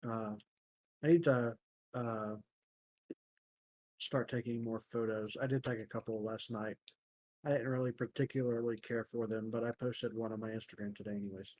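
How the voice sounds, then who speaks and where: A young man chatting casually on a podcast, with a mid-pitched voice. He tells everyday stories haltingly, stopping for fillers and hunting for the right word. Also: fairly even intonation, a little mellow. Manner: halting, searching for words with many fillers. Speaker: podcast host. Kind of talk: casual chat.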